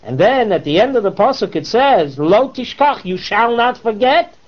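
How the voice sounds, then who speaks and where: A man lectures a Torah class with lively, swooping emphasis, asking his students rhetorical questions and mixing in Hebrew terms. The recording sounds dull and lo-fi. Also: sits high, moderate pace. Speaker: rabbi teaching a class.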